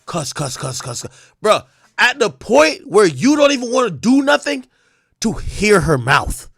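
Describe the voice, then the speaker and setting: A man hosting a livestream, ranting in profane, animated commentary that swings from loud outbursts to low muttering. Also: measured pace, gravelly, slightly rough, dry recording, clean studio sound. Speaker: livestream host.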